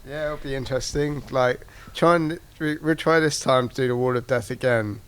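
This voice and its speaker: A man in a band answering interview questions in a relaxed, hesitant way, full of fillers. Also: mid-range voice, moderate pace, clean tone. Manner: hesitant, relaxed, lots of likes. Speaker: band member. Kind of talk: casual interview chat.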